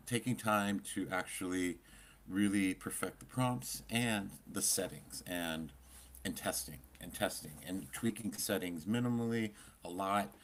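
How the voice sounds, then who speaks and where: Low-voiced man rambling casually. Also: slight background noise. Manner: loose and rambling, many fillers. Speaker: co-host. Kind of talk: casual live-stream chat.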